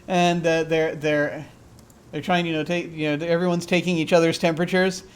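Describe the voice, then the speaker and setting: A man acting as game master, narrating a tabletop role-playing game in a halting, rambling way with many fillers. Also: a little high, flat delivery, smooth.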